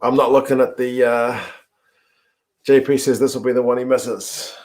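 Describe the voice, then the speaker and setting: A man hosting a live rugby watch-along from home, commentating on the match, chatting with viewers, and yelling at the TV in excitement. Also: mid-range voice, moderate pace, faint music behind. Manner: excitable, yells at the screen, chats with viewers. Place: home, in front of a TV.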